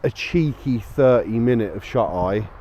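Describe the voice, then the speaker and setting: A man's voice: medium pitch, expressive, measured pace, mellow, slight background noise. A tired man chatting casually while walking his dog outdoors, rambling and easygoing with lots of fillers, recorded on a small action camera. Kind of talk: casual walk-and-talk chat. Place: outdoors on a local street at dusk.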